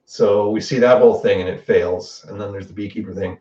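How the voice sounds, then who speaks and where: Man, casual excited recap, swearing, muffled lo-fi sound. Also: on the low side. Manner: excited, profane retelling with quick quoted lines. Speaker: podcast host. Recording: distant roomy lo-fi mic.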